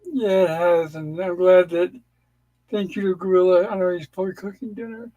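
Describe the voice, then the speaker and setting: A man's voice: high voice, steady tone, normal speed, dark tone, dry recording, lo-fi sound. A man hosting a casual livestream chat, tired and easygoing as he winds the show down. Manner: easygoing, winding down. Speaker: livestream host. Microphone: home microphone.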